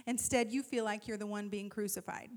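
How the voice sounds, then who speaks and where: A woman in her thirties giving an animated, self-deprecating talk to a church group, telling a personal story with humor. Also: mid-range voice, fairly quick. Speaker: speaker at a church gathering.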